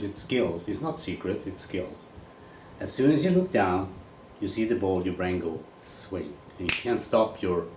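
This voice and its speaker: A man's voice: on the low side, darkish tone, far from the mic. Blunt Swedish-accented man, echoey room. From Sweden. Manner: blunt, rambling, swears casually. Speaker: golf coach. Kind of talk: casual opinionated monologue. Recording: echoey room with faint ambient noise.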